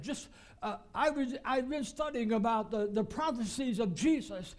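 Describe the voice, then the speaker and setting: A pastor preaching a sermon with emphatic, repeated phrases. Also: male voice, high voice, lively intonation, normal speed, darkish tone. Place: church.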